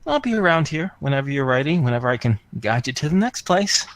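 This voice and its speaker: A man voicing a sheepish, friendly male guide with a long nose, stammering and hurried, in a tabletop game. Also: on the high side, sing-song. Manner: hesitant, stammering, fast.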